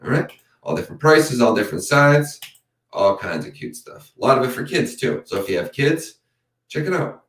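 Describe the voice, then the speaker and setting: A man's voice: mid-range voice, big pitch swings, normal speed, a bit bright. A man hosting a true crime channel, giving a casual, rambling live-stream sign-off and reading out viewer chat. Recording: roomy sound from a distance.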